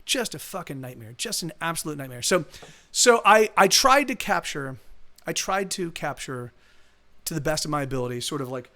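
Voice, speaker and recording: A man's voice: a little high, expressive, normal speed, pushed and bright. A man from the United States telling a story casually on a live stream, rambling with many restarts and fillers. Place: home streaming setup.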